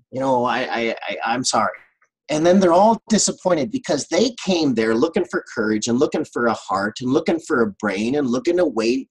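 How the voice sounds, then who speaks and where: A man's voice: fairly high pitch, husky, low-quality recording. A man giving a motivational team training talk, telling a story with animation and often checking in with his listeners.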